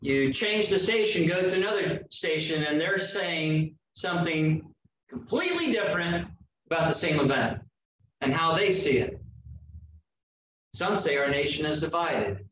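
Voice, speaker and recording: A man preaches at a deliberate, unhurried pace, leaning on each phrase and pausing for effect. His voice sits a little high for a man and sounds roomy and set back from the mic, with faint background noise. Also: lively intonation, a bit bright. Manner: slow, emphatic preaching with dramatic pauses. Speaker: pastor. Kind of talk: sermon. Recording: echoey room heard from a distance.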